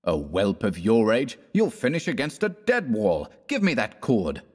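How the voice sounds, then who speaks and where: A man voicing a grave young male artist who speaks in a dry, measured way. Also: lowish voice, wildly swooping pitch, long reverb tail, exaggerated voice.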